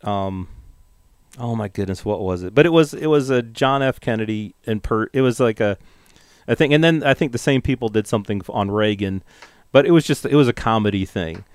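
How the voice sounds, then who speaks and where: A man's voice: fairly low pitch, fairly quick, clear, resonant tone, no echo. A man co-hosting a podcast in casual chat, rambling and self-deprecating, laughing often. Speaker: podcast co-host.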